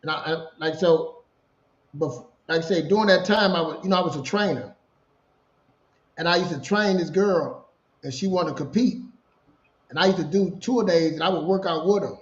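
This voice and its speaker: A middle-aged man telling a personal story in casual conversation, animated and repeating himself as he talks. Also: fairly high pitch, normal speed, pauses often. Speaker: podcast co-host sharing his story. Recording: roomy, dull lo-fi sound.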